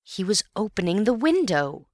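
A woman reading aloud, voicing an excitable young male amateur detective with theatrical outbursts. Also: mid-range voice, moderate pace, dry recording, clean studio sound, pitched above the performer's own voice. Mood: excited. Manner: exclamatory and theatrical, then grave explaining.

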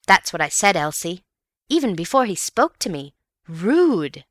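A woman voicing an excitable, gossipy young woman in a story. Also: on the low side, unhurried, no echo, studio quality, pitched above the performer's own voice. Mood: excited. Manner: excited, chattering.

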